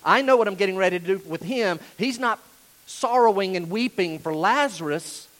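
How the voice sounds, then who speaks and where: A pastor delivers a sermon in a high, light voice. He keeps it conversational, sinking into hushed stretches before building back up to emphatic points. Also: animated, moderate pace, rough recording.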